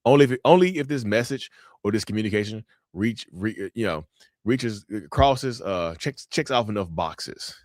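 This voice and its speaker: A man's voice: fairly low pitch, lively intonation, normal speed, a little mellow, no echo, clean studio sound. A man chatting casually on a livestream, reacting to viewer comments in a blunt, emphatic way that repeats phrases for effect.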